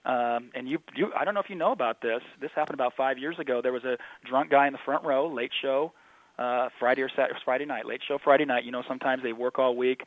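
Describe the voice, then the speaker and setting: A man guest telling comedy-club anecdotes in casual interview talk, animated and acting out the voices of people in his stories. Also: mid-range voice, quick pace, dry recording. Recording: tinny phone line.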